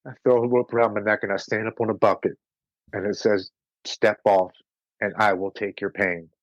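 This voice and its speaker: A man telling his personal recovery story as a podcast guest, earnest and slowing down on heavy moments. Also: lowish voice, dry recording, highs cut off.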